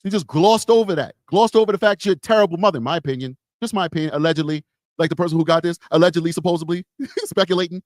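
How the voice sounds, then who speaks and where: A man with a high voice co-hosts a live true-crime stream. He talks emphatically and repeats his points, and the sound is close and dry with no room around it. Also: racing, no echo. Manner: emphatic, repetitive, opinionated.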